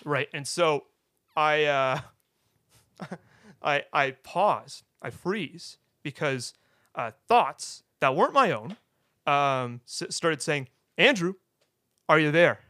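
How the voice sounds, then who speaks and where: A young man casually telling his personal faith story as a guest, halting and restarting, often tagging "right?". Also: fairly high pitch, lively intonation, bright, forceful tone, dry recording, clean studio sound. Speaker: guest sharing testimony.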